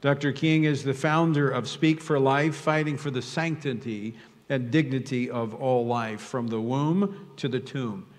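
A man's voice: medium pitch, unhurried. Male host reading formal speaker introductions, reverberant hall. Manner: warm formal introductions, lifting on names and titles. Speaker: event host.

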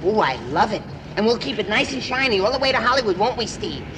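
An actor playing a naive, eager young man with a high, goofy, childlike voice in a 1950s film comedy. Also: lively intonation, fast talker, noisy background. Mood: excited. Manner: gushing and wide-eyed. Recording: old film soundtrack with music.

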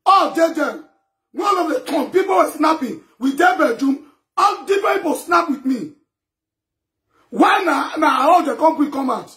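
A man with a Nigerian Pidgin accent ranting emphatically to camera, often breaking into shouts. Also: extremely high pitch, expressive, normal speed. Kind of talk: impassioned rant to camera.

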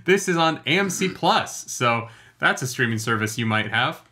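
A man's voice: medium pitch, animated, moderate pace, bright, forceful tone. A man hosting a casual reaction video, chatty and joking with his co-host.

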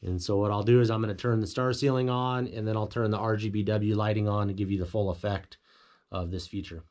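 A man's voice: lowish voice, steady tone, brisk, a little mellow. A man giving a casual walkthrough of a home theater build, explaining things plainly with fillers and self-corrections. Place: home theater room, indoors.

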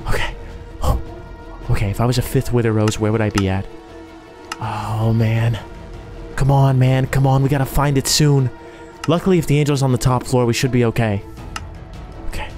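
A man giving live gameplay commentary, jittery and talking himself through each scare. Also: medium pitch. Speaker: gaming YouTuber.

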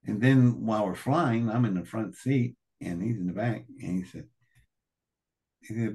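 A man's voice: lowish voice, moderate pace, dark tone, breathy edge. A man as an interview guest telling a colorful, profane story, acting out the other people's voices.

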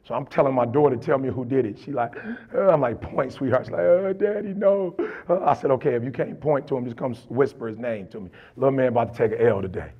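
A man's voice: medium pitch, fast, few pauses, husky, dull audio. A middle-aged man and motivational speaker, telling stories in a colloquial, emphatic way. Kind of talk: storytelling motivational talk.

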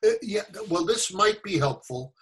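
An older American actor telling stories in a casual interview, animated and fond of acting out the voices of people he quotes. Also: high voice, normal speed, poor audio. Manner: animated storyteller, acts out quoted voices, chuckles often. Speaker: actor guest.

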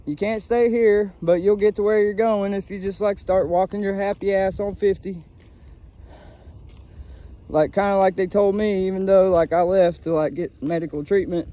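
A worn-out man from Ohio talks to the camera while pushing his bicycle, wandering from one thought to the next with plenty of cursing. His voice sits fairly high for a man but sounds mellow and soft-edged, and he is a little winded. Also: steady tone, moderate pace. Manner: profane, meandering, tired. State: winded from walking a bicycle uphill. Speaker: vlogger. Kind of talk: casual rambling monologue.

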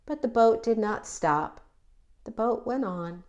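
A woman reading a children's picture book aloud, with an expressive, animated delivery. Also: fairly high pitch, a little slow, dull audio. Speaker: children's story reader. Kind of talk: read-aloud storytelling.

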